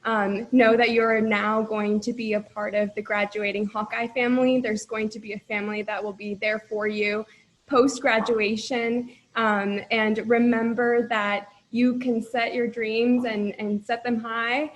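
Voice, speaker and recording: A young woman congratulates graduates over a video call, and she sounds emotional and close to tears. Her voice is somewhat high. It moves within a narrow, even range. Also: unhurried, slight background noise. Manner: emotional, holding back tears. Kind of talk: emotional speech.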